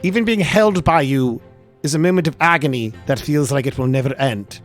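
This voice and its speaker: A man's voice: a little high, fairly quick, faint music behind, lightly acted. Casting note: snooty cursed loot object with theatrical outrage, played by a man as game master in a tabletop game. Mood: haughty. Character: haughty talking loot item, pompous, easily offended.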